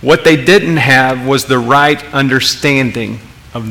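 A man's voice: mid-range voice, slow pace, bright, forceful tone. A man preaching a sermon as pastor, emphatic, asking the congregation rhetorical questions and often repeating words as he restarts.

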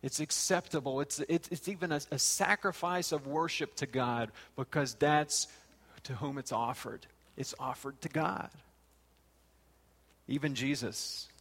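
A man's voice: on the high side, unhurried, a bit bright. A man preaching a sermon and reading scripture aloud, his voice rising and falling. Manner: rises and falls, reads scripture aloud. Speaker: pastor. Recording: long hall reverb.

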